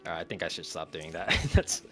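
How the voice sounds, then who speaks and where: A man streaming a relaxed home-renovation game, commenting casually, reading chat aloud and chuckling often. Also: low-pitched, normal speed. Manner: laid-back, chuckles often, talks to chat. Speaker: gaming streamer. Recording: faint game music behind.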